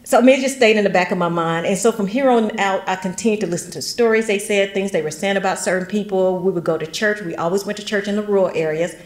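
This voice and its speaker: A woman's voice: medium pitch, quick pace, few pauses. A middle-aged woman from West Tennessee, giving a chatty genealogy workshop talk with folksy asides and frequent laughter. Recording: roomy echo.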